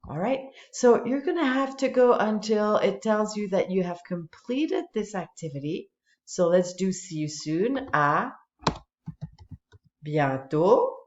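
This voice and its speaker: In this screen-recorded walkthrough, a woman teaching French guides students through an online flashcard tool, explaining each step with patience. She has a medium-pitched, expressive voice and takes her time. The sound is dull and lo-fi, with noticeable room echo.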